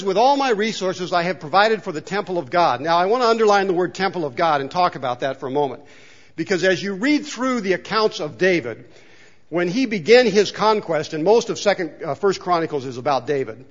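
Man, pastor, high voice, chatty sermon, questions to the congregation, lo-fi sound. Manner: conversational, asks the congregation questions. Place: church chapel.

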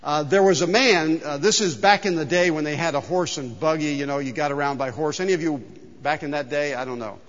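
A man preaching a sermon as pastor in a church, telling a folksy story with lively exclaimed punchlines. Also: a little high, a little fast, hardly any pauses, in a large hall, dull audio. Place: church sanctuary.

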